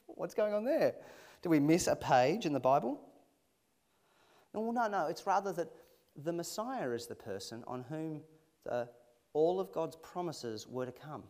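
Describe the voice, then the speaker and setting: A man preaching a sermon in a conversational, expressive way, asking his listeners rhetorical questions. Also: on the high side, normal speed, long pauses. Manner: expressive, shifting emphasis.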